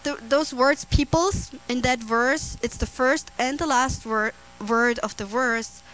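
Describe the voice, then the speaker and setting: A woman preaching a sermon on scripture, earnest and prone to restarts and soft laughter. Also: high voice, unhurried, poor audio.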